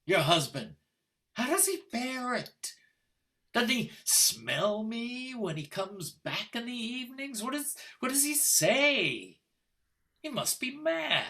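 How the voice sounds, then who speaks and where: Older actor as a sneering husband on a video-call stage play, bright tense voice, slow delivery. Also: male voice, very high voice, very animated, heavily acted. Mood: taunting. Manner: taunting, mocking, coldly deliberate. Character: scornful middle-aged husband baiting his wife. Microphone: computer mic on a video call.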